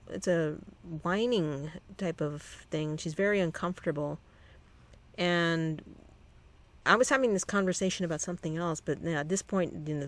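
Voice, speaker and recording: A channel host rambles through a personal story in a medium-pitched voice, halting often and starting sentences over.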